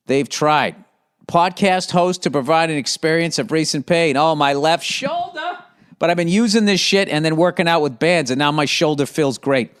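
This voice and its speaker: A pompous mock-British ad reader, as a man puts him on, pitched up well above his usual voice. He reads the script in a grand, exaggerated way and keeps stumbling over it. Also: lightly acted. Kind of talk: comic ad read.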